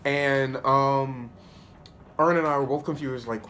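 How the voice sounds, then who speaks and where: A man chatting through a TV episode recap in an easygoing, slang-heavy way, laughing along as he goes. His voice sits at an ordinary middle pitch, and a faint hiss of background noise runs under it. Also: takes it slowly. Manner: animated, slangy, laughs often. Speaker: TV show reviewer. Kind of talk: casual spoken episode review.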